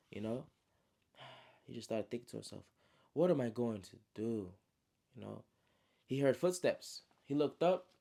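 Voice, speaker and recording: A man retelling his own novel like a friend telling a story, slangy and relaxed with constant fillers. His voice is gravelly, dark and mid-pitched. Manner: slangy, relaxed, many "you know" fillers. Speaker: storyteller and author.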